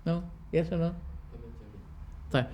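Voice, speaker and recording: Slow and fairly even in intonation, a slightly high male voice with a darkish tone comes through with a bit of hiss or hum. The speaker is a religious teacher lecturing a class, restating terms in plain language and asking rhetorical questions.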